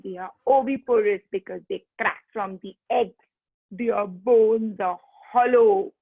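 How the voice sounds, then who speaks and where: A woman's voice: medium pitch, unhurried, slightly rough. A woman teaching young children, coaxing them in a sing-song voice to join in. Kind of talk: online kids' lesson. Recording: tinny phone-like line.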